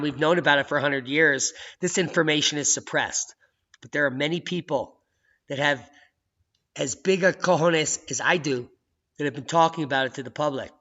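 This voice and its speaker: A man hosting his own video channel, talking in an excitable, jokey way that swings from loud outbursts to hushed asides. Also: fairly high pitch. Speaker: channel host. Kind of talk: casual video commentary. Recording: dull lo-fi sound.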